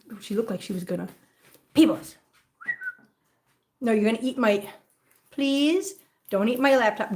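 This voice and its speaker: Woman, casual livestream chat, baby-talk to cats, fairly high voice, at home. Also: moderate pace, pauses often, slight background noise. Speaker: host of a cat-care livestream.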